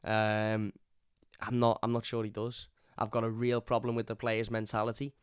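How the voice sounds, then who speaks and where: Low-voiced frustrated man reviewing football. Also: completely flat delivery, moderate pace, clean tone, no room sound, studio quality. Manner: frustrated, repeats words, scolds chat. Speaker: fan channel host.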